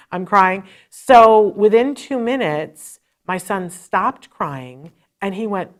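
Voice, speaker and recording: A woman's voice: mid-range voice, animated, slow, hardly any pauses. Earnest middle-aged woman telling a story. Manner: earnest, emotional, conversational with fillers. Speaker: podcast host and parent. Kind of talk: personal storytelling advice talk.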